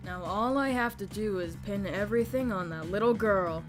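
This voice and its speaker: A woman voicing a scheming male bomber villain from a video game, reading his lines slowly and menacingly. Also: mid-range voice, over music, voice pushed down, natural voice.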